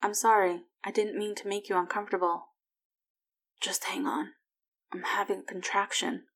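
A woman's voice: medium pitch, level tone, fairly quick, close to an everyday voice. A woman voicing a guarded pregnant doctor. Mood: strained whisper.

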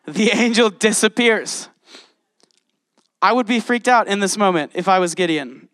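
A man preaching a casual, animated sermon, reading scripture and exclaiming often to his listeners. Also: high-pitched, brisk, no room sound, clean studio sound.

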